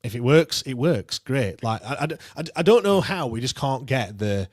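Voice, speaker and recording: A man's voice: mid-range voice, animated, normal speed, no room sound. Chatty man, dry sound. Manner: chatty, laughs often, frequent repeated restarts. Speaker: podcast host reading viewer comments. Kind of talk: casual football fan chat.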